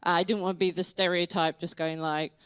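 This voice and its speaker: A woman's voice: fairly low pitch, level tone, a little fast, fairly bright tone, smooth, no room sound. An Australian woman performing a stand-up comedy set in a club, rambling and breaking off with laughs. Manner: rambling, self-interrupting, laughing through lines. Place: comedy club stage with live audience.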